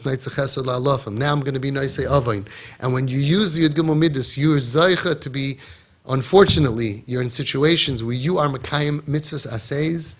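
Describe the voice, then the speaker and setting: A man giving a spoken Torah class, telling stories with animated, acted-out dialogue and earnest exhortation. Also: mid-range voice, brisk. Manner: animated storytelling, acting out quoted dialogue. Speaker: Torah class teacher and parenting guide.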